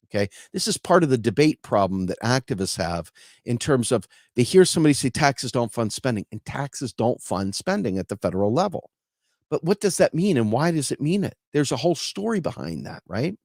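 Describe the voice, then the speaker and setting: A man hosting a casual explainer talk, telling stories in an animated, conversational way. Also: medium pitch, no echo, clean studio sound. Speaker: host.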